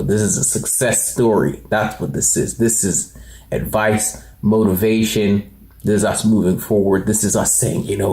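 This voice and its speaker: A man's voice: lowish voice, darkish tone. Earnest young man, echoey room. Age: 20s. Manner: earnest, rambling, many fillers and restarts. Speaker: motivational channel host. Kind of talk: personal vlog monologue.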